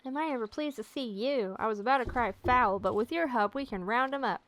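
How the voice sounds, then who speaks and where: A woman reading aloud the lines of a flustered male farmhand in a game, a little louder than her own talk. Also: fairly high pitch, brisk, pitched above the performer's own voice, lightly acted. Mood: eager. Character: flustered male farmhand chasing runaway birds.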